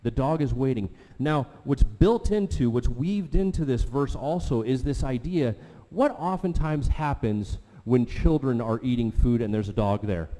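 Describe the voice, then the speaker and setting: A man preaching a sermon, telling a story with animated swings from quiet talk to loud exclamations. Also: medium pitch, moderate pace, hardly any pauses, long reverb tail. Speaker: pastor.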